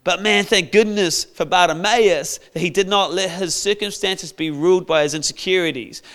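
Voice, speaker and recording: A male preacher tells a Bible story in a playful, storytelling manner. His voice sits fairly high for a man. The tone is smooth and clear. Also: moderate pace. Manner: storytelling, playful, acts out characters with shouts. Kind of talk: sermon.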